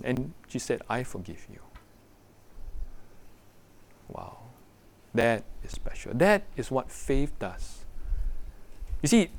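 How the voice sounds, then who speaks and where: A man preaching a sermon to young people, animated and full of rhetorical questions. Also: medium pitch, vocal fry. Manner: animated, rhetorical questions, acts out quoted voices.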